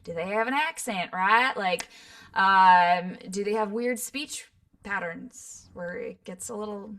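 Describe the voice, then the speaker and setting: A woman's voice: mid-range voice, slow pace, a bit bright. A woman voice actor from Los Angeles, talking casually in an interview and peppering her points with fillers and "right?". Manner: chatty, many fillers and "right?" tags. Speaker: guest voice actor.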